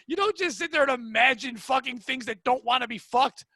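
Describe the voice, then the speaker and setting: A man co-hosting a comedy podcast in casual chat, loud and animated, with mock-outraged rants. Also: very high-pitched, fairly quick, no room sound. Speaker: podcast co-host.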